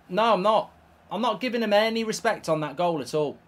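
A man's voice: high voice, lively intonation, brisk. A man with a heated, swear-filled delivery, hosting video game commentary. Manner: exasperated, swears often. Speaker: host.

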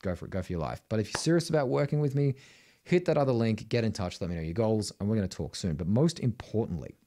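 A middle-aged man with an Australian accent gives a singing lesson straight to camera. His voice sits a little low, and he talks in an emphatic, blunt way, tagging "right?" onto most of his points. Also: lively intonation, fast talker, dark tone. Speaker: singing teacher. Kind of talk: vocal tutorial to camera.

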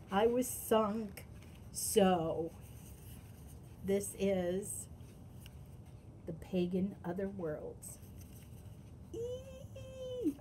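A woman's voice: mid-range voice, a little hiss or hum, poor audio. A woman hosting an unboxing vlog, gushing and gasping with delight as she opens packages. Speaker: tarot channel host.

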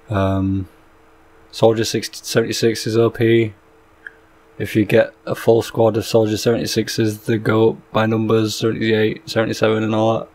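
A man giving casual gameplay commentary as a gaming YouTuber, excitable and sweary, with sudden loud outbursts. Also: lowish voice.

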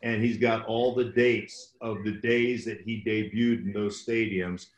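Older guy rambling about his son, low voice, roomy echoey sound. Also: steady tone, measured pace, lo-fi sound. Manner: rambling and self-deprecating, many restarts. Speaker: guest, former football player. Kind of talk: casual storytelling. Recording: roomy echo.

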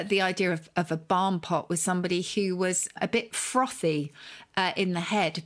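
A woman co-hosting a podcast who explains things in a thoughtful, careful way. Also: deep voice. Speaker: podcast co-host. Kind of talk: casual chat.

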